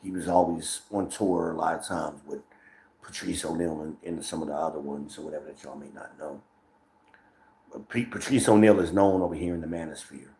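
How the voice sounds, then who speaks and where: A man's voice: a bass voice, fairly quick, dark tone. A man hosting a casual livestream monologue, loose, profane and rambling. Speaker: streamer host. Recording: roomy echo.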